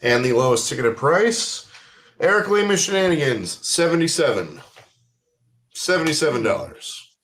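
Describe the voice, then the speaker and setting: A man's voice: fairly high pitch, sing-song, fairly bright tone, a little hiss or hum. A man hosting a casual football pick'em show, running each game's segment. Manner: unhurried, runs the segments by asking for referee, announcers and ticket prices. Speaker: podcast host.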